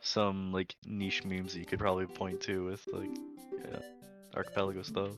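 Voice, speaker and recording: A man chatting casually with friends during a game stream, relaxed and full of fillers. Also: low-pitched, normal speed, music in the background. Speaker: friend on voice chat. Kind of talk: casual chat.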